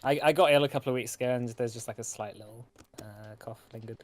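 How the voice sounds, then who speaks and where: A young man running a tabletop session, easygoing and full of little pauses and fillers. His voice sits at an ordinary middle pitch. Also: no echo. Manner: relaxed, hesitant, many filler sounds. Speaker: game master. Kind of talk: running a tabletop game online.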